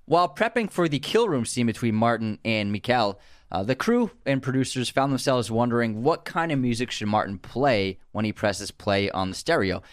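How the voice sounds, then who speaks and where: A man co-hosting a podcast, reading film trivia in long relaxed runs and laughing easily. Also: medium pitch, normal speed, dry recording, clean studio sound. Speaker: podcast co-host.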